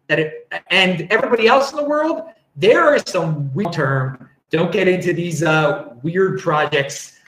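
A man's voice: high-pitched, lively intonation, unhurried, hardly any pauses, a bit bright, roomy sound, poor audio. A man hosting a casual livestream, reading viewer comments and rambling, often chuckling and breaking off mid-sentence. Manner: rambling, chuckling, self-interrupting. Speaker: livestream host.

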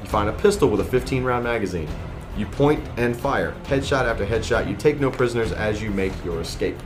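A man's voice: on the low side, lively intonation, brisk, over music. A man co-hosting a casual podcast, playfully reading out game scenarios with dramatic flair. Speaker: podcast co-host.

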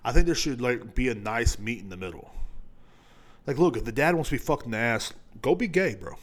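A man hosting a solo podcast, talking in a profane, rambling, opinionated rant. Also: medium pitch. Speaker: podcast host.

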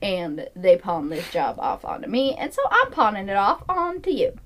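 A woman's voice: medium pitch, very animated, normal speed, crowd noise, close to an everyday voice. A woman doing a sly, offhand job broker. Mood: wry. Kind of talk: tabletop game character voice.

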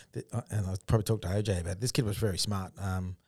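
A man's voice: deep voice, fast talker, slightly rough, no echo, clean studio sound. An Australian man, a former education worker, telling stories in a casual, plain-spoken way with frequent restarts. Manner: plain-spoken, animated storyteller with many restarts. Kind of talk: casual storytelling chat.

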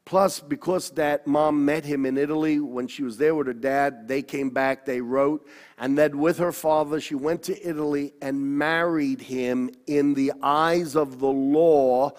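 A man preaching a personal testimony sermon, telling his story in an animated, halting way with restarts. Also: mid-range voice, big-room sound.

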